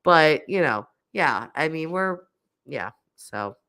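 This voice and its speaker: A woman's voice: low voice, expressive, takes it slowly, fairly bright tone. A woman in her thirties, nasal and congested from a cold, chatting casually on a live stream and reading out viewer comments. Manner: coughing; chatty, laughs often, many fillers.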